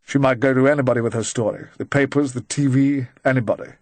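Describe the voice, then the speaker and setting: A man's voice: medium pitch, fast talker, dry recording, natural voice. Shrewd, probing male official with dry, leading questions, read by a man, plain close-miked voice, dry sound. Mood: pointed.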